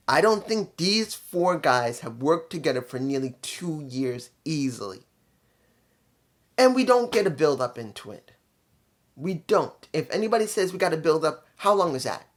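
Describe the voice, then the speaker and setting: A man giving a casual spoken review, blunt and opinionated, rambling from point to point. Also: on the high side. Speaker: wrestling show reviewer.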